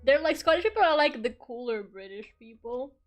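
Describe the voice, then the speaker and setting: This young woman's high, expressive voice moves a little fast as she streams her art. She rambles and chats loosely while drawing, laughing often and cursing without restraint, and soft music plays behind her.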